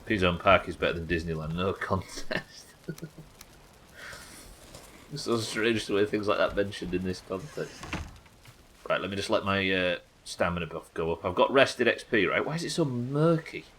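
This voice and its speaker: A man's voice: low voice, normal speed, pauses often, fairly bright tone, slight background noise, poor audio. A young man streaming a game live, chatting to viewers and thinking aloud as he plays, swearing freely. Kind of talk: live gameplay commentary.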